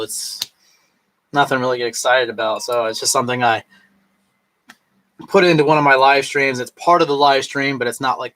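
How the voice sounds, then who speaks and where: A man's voice: medium pitch, bright, forceful tone. A man chatting casually on a live stream while drinking, rambling and tipsy, with lots of fillers and restarts.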